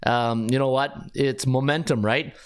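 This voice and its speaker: A man's voice: medium pitch, moderate pace, clean tone. Middle-aged guy hosting a betting stream, gets fired up, rambles and restarts a lot. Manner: animated, rambling, frequent restarts. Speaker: sports betting podcast host. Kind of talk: casual live-stream talk.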